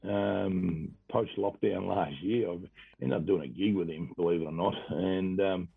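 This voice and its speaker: Low and husky with vocal fry, the voice of this former footballer from Western Australia moves a little slowly as he spins laughing, wandering anecdotes in his Australian accent as an interview guest. There's no room sound; the audio is dry and tinny, resembling phone-like radio.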